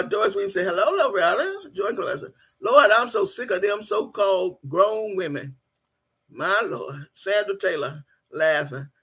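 A woman's voice: medium pitch, fairly bright tone, slightly rough. A woman hosting a casual livestream, reading viewer comments aloud in a playful, teasing way and drawing out her greetings in a sing-song voice. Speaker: livestream host.

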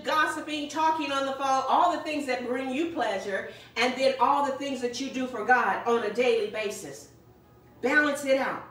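A high-pitched woman preaching with a bright, ringing tone, pressing her points and repeating phrases to drive them home. The recording is heavily echoey, with her voice picked up from some distance in a church sanctuary. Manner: emphatic, repeats key phrases, exhorts the congregation. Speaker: pastor. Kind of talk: sermon. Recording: very echoey room, voice far from the mic.

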